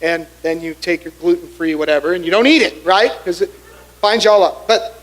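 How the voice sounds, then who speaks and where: Brief: middle-aged male pastor, high voice, animated storytelling sermon. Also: normal speed, slight background noise, rough recording. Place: church sanctuary.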